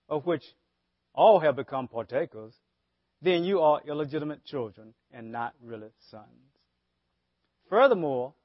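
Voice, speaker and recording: Slow-preaching pastor, man. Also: fairly high pitch, no echo. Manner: preaching with rhetorical questions to the congregation. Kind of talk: sermon. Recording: dull lo-fi sermon audio.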